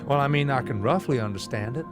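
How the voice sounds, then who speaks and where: A man's voice: medium pitch, fast, lightly acted. A man voicing a genteel, bookish male scholar who explains things in a drawling manner, with game music behind him.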